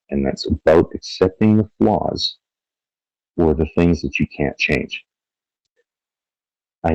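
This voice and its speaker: A deep, mellow male voice tells stories with blunt candor, dropping curses and slipping into quoted voices. He sounds middle-aged. The recording is dry and close, with slightly dull, lo-fi highs. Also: dry recording. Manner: blunt, profane, animated storytelling with acted-out quotes. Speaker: podcast guest. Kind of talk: candid interview talk.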